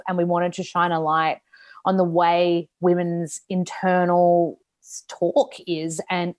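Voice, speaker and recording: An Australian woman in her thirties, an author talking openly about her own setbacks in a casual interview, with lots of likes and restarts. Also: on the low side. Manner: open, reflective, frequent likes and restarts. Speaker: author and nutritionist guest. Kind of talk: candid casual interview talk.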